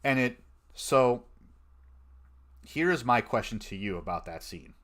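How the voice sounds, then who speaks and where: A man hosting a fan podcast, chatting casually and excitedly, with frequent laughs and fillers. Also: medium pitch, measured pace. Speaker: podcast host.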